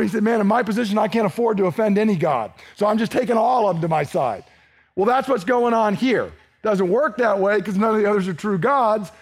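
A man preaching a sermon, telling it in a folksy way with personal stories and asides. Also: high-pitched. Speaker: pastor.

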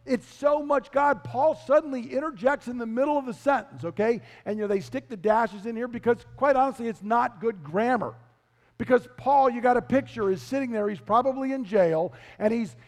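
Brief: male pastor with a high voice, emphatic and repetitive, long hall reverb. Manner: emphatic, repeats key phrases, quizzes the congregation. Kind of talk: expository sermon.

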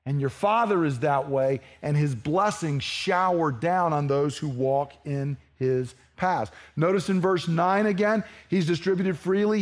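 A man preaching a verse-by-verse sermon as pastor, talking conversationally and asking his listeners to fill in words. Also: fairly high pitch. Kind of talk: expository sermon.

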